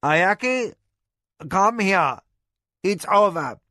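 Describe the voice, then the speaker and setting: A man's voice: sits high, takes it slowly, a bit bright, no echo, clean studio sound, pitched above the performer's own voice. A man doing a firm, commanding steward. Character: firm male household steward, taking charge.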